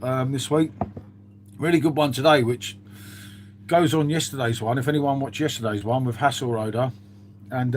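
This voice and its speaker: A man's voice: medium pitch, darkish tone, slight background noise. A man chatting casually on a live stream, reading out viewer comments with lots of "mate" and "um".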